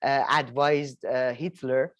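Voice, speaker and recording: A man co-hosting a casual film review chat, rambling with many restarts and animated asides. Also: mid-range voice, takes it slowly, dry recording. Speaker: co-host.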